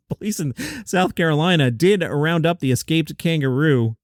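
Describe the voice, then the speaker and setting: A man's voice: fairly high pitch, lively intonation, measured pace, no room sound, studio quality. A man hosting a light news round-up, chatty with joking asides. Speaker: host. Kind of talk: upbeat news round-up with jokes.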